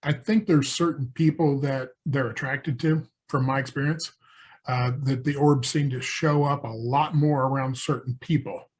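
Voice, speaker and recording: A man's voice: mid-range voice, fairly even intonation, normal speed. A man hosting a podcast, asking a guest conversational questions. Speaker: podcast host. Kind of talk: casual interview.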